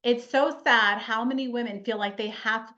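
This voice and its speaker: A woman's voice: fairly high pitch, steady tone, moderate pace, pushed and bright. A woman giving an earnest, chatty motivational webinar talk as a life coach, repeating key lines for emphasis. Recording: slightly muffled webinar audio.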